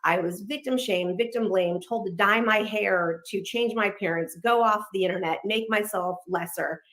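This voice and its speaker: A woman in her thirties from Los Angeles, telling her personal story quickly and candidly, acting out bits of dialogue along the way. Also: mid-range voice. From Los Angeles, United States. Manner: fast, candid, animated retelling with quoted dialogue.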